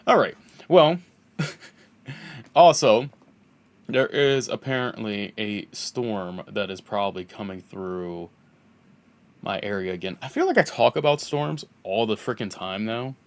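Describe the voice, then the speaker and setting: A man's voice: on the low side, animated, slow. Laid-back rambling male streamer. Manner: rambling, laughs often. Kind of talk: casual chat while gaming.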